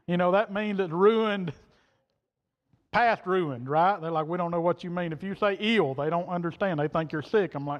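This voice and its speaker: A preacher man with a fairly high voice, telling a folksy story from the pulpit in plain words. His voice rings through a church hall with a long echo, and the sound is dull and muffled. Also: moderate pace. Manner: folksy, plain-spoken, quoting others in turn. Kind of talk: sermon storytelling. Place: church sanctuary.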